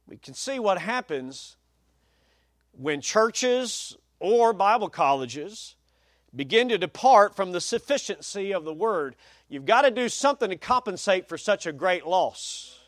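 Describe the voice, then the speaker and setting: Guy preaching, high voice, punchy emphatic delivery, dry close sound. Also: very animated, measured pace, no echo. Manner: emphatic, varies pace for stress, folksy asides. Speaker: pastor. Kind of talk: sermon.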